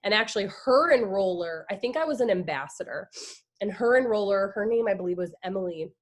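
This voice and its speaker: Brief: woman in her thirties, guest speaker, chatty and emphatic storytelling, medium pitch. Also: expressive, brisk. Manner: chatty and emphatic, heavy use of "like". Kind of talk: personal story told to an online group.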